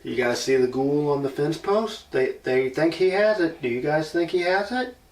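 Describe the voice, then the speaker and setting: A man's voice: fairly high pitch, lively intonation, moderate pace. A man reading a storybook aloud indoors in an old house, with playful asides to his listeners. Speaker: paranormal investigator. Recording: roomy sound from a distant mic.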